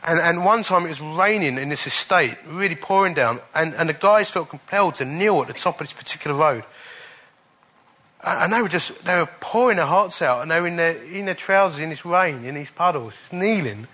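A man preaching, telling a personal testimony in an animated way and chuckling at the funny parts. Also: a little high, brisk. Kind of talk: storytelling sermon.

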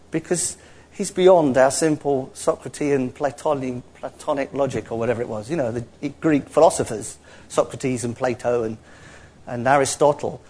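A man preaching a sermon in an animated, playful way, acting out little dialogues as he teaches. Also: mid-range voice, normal speed.

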